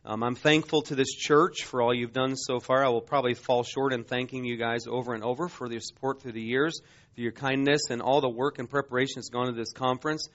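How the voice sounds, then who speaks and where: A man in his forties, a missionary preacher, giving an emotional sermon testimony with halting restarts. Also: mid-range voice, steady tone, a bit bright, muffled recording.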